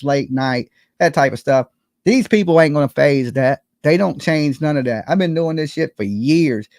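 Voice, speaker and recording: A man's voice: fairly high pitch, no room sound, clean studio sound. A man hosting a late-night livestream, ranting to his viewers in a heated, profane and emphatic way. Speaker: YouTube livestream host.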